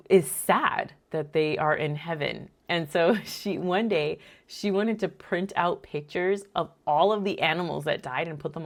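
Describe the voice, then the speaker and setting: A woman from Rico, hosting and telling a faith-based family story in a lively, laughing way. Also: low voice. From Puerto Rico. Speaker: podcast host.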